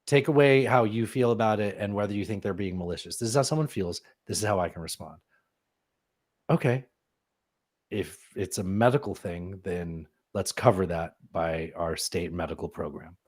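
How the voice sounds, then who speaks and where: A man's voice: deep voice, normal speed, a little mellow. A man co-hosting a casual debate podcast, blunt and sarcastic, often talking over his partner. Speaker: podcast co-host.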